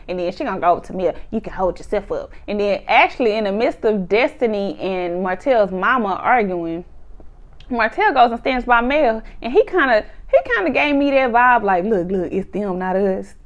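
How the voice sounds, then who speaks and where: A woman, recapping a reality show in casual chat, animated, laughing often and acting out cast members' lines. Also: medium pitch, normal speed, lo-fi sound.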